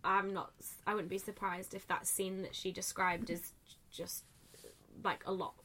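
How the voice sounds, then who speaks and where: A young adult woman co-hosting a casual book club chat, talking in an animated way and swearing freely. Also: medium pitch, measured pace, a little hiss or hum. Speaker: podcast co-host.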